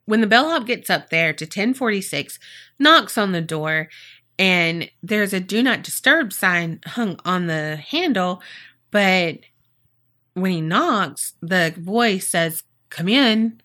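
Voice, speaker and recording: Woman, bright voice, casual true-crime podcast host, chatty, swears, does funny voices. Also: medium pitch, expressive, slow. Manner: chatty and profane, acts out quotes in funny voices.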